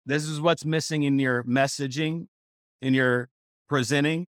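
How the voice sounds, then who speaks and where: A man's voice: medium pitch, fairly even intonation, a little slow, dry recording, clean studio sound. A man from Missouri coaching real estate agents at a seminar, emphatic and repetitive, often restarting his sentences. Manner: emphatic, repetitive, self-correcting. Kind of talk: seminar teaching. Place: seminar room.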